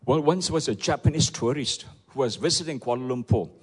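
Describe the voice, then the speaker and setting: A man preaching a sermon, animated and peppered with "okay" and "isn't it". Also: mid-range voice, brisk, slightly rough. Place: church hall. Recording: echoey church hall.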